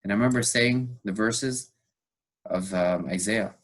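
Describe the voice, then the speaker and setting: A man from the United States, a podcast guest, retelling a tense story with animated delivery and fillers. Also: fairly low pitch, a little slow. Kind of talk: storytelling interview.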